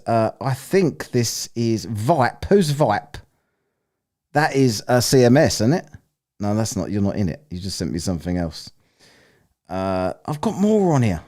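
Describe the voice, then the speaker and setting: A man's voice: medium pitch, darkish tone. A man hosting a casual live-stream, rambling, swearing and laughing as he plays listener clips. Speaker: streamer hosting a soundbite contest.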